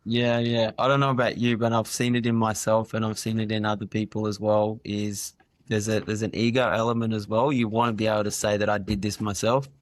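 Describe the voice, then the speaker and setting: A man with an Australian accent, a podcast guest, asking measured and thoughtful questions in casual talk. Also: on the low side, flat delivery, dry recording. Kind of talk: casual interview chat.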